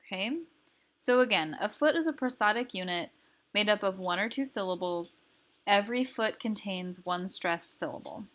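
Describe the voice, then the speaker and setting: Woman, teacher, recorded lesson, slow careful explaining, middle pitch. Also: a bit bright. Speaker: language teacher.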